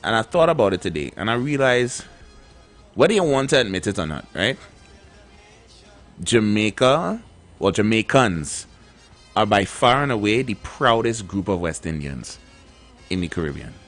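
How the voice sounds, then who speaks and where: A man co-hosts a radio show in a loose, chatty way, circling back and repeating his words as he talks. His voice sits low. Faint music plays underneath. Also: very animated, normal speed, pauses often, fairly bright tone. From Trinidad and Tobago. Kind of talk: casual radio chat.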